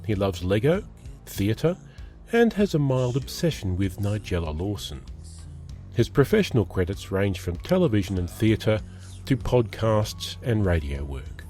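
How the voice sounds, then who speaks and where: Low, mellow male podcast host. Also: big pitch swings, a little slow. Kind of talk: scripted introduction. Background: music.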